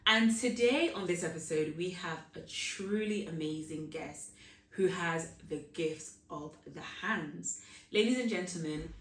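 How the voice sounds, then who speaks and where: A woman's voice: on the low side, animated, unhurried, a bit bright, a little hiss or hum. Woman host heard from a distance in a roomy space. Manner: upbeat, welcoming. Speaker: podcast host. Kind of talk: podcast interview hosting.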